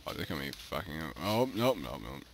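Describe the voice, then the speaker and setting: A man's voice: a bass voice, sing-song, quick pace, background noise. A man giving casual let's-play commentary as a gaming YouTuber, goofy and chatting to the animals in the game.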